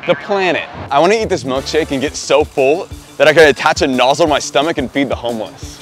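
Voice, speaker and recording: A man's voice: fairly high pitch, quick pace, hardly any pauses. A man in his twenties vlogging from a restaurant, joking and nervous as he talks through a food challenge. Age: 20s. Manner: jokey, nervous, animated. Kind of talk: excitable vlog chatter. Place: restaurant, indoors. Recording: music bed behind voice.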